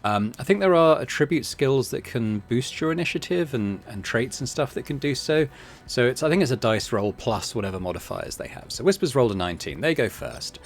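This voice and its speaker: A man's voice: medium pitch, expressive, fairly quick. Chatty man narrating a strategy game. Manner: chatty, lots of fillers, explaining game systems. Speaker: gaming channel host. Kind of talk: casual let's-play commentary.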